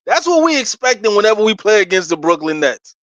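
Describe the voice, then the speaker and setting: Man, middle-aged, New York accent, boastful trash talk, sports fan host, high-pitched, dry close sound. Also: sing-song, quick pace, a bit bright, no room sound, lo-fi sound. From New York City. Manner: boastful, trash-talking, laughs between points. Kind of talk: casual fan commentary.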